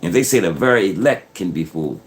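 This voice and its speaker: A man's voice: low-pitched, lively intonation, fast talker. A man hosting his own channel, talking to viewers in an earnest, repetitive, preachy way. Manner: earnest, repetitive, keeps saying "folks". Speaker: YouTube channel host. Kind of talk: casual preachy commentary.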